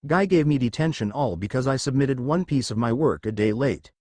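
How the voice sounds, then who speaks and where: A man's voice: mid-range voice, expressive, brisk, darkish tone, no echo, lightly acted. A man reading the lines of a confident, teasing teenage boy who plays guitar, in a fan fiction story.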